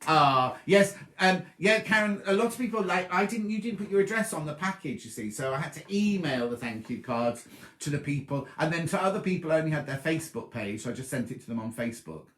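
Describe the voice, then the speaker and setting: A man's voice: fairly high pitch, lively intonation, fairly quick, fairly bright tone, echoey room. A man hosting a casual sewing live stream from his bedroom, rambling chattily and answering viewers by name, a little throaty. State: slightly throaty. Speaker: sewing show host. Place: bedroom at home.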